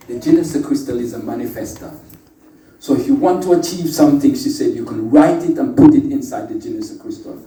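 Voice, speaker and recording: In an echoey indoor meeting room, a spiritual workshop speaker with a mellow, mid-range voice gives a playful, chatty talk. He teases the live audience with wordplay and calls out to them, heard through a far-off microphone.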